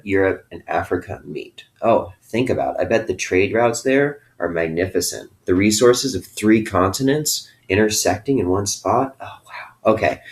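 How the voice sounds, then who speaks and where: A male teacher with a deep, low voice gives a recorded lesson to students. He keeps an upbeat, playful tone and often checks in with a quick "okay?" at the end of his phrases. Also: a little mellow.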